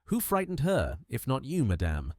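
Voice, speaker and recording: A man voicing a shrewd, fussy Belgian detective in an audiobook, gentle but implacable, dropping French phrases. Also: mid-range voice, wildly swooping pitch, normal speed, no room sound, studio quality, pitched above the performer's own voice. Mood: pressing. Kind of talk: audiobook character voice.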